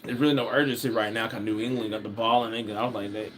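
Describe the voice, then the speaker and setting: A man casually commenting on a football game as he watches, rambling, slangy and animated, often starting with "I was like.". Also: lowish voice, fast talker, a little hiss or hum.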